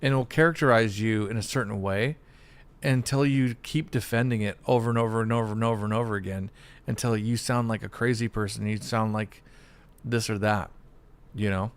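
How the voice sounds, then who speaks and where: A man's voice: lowish voice, steady tone, brisk. A man streaming a video game, rambling casually and calling listeners dude and bro. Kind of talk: casual gameplay commentary.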